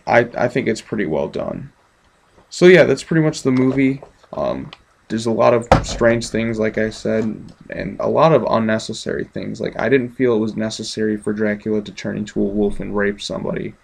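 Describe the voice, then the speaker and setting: A man's voice: on the low side, vocal fry. A man giving a casual, offhand movie review, chatty with many ums.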